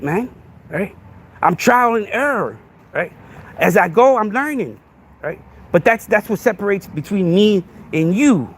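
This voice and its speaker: A man, hosting a podcast livestream with a crude, confrontational rant that keeps asking "right?". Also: high-pitched. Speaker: podcast host.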